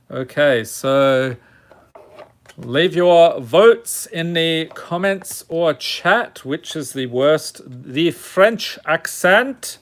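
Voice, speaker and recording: Sex: man. Role: host opening card packs. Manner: dry, self-mocking, unhurried, a bit high-pitched. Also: a bit bright. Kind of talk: casual pack-opening commentary.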